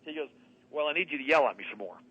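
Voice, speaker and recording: A man's voice: fairly high pitch, lively intonation, very fast, phone-quality sound, very noisy. A man, a doctor and guest on a talk radio show, telling a story in an emphatic way and acting out both sides of a conversation. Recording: radio broadcast.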